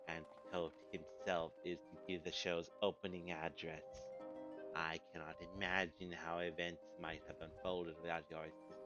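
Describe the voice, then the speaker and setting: A man voicing a courteous, formal male attendant in a video game, speaking softly in old-fashioned phrasing. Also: low-pitched, natural voice. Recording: dull lo-fi with game music.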